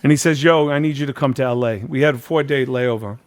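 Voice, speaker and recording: At a quick pace and mid-range pitch, a middle-aged man hosting a podcast launches into a long, casual story. He brings the people he quotes to life, acting them out, and repeats himself frequently.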